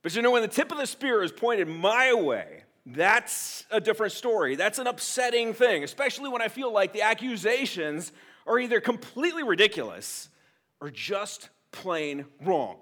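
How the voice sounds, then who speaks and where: A man's voice: sits high, normal speed. A man preaching a sermon as pastor, telling stories with acted-out quotes. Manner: animated storytelling with acted-out quotes. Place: church.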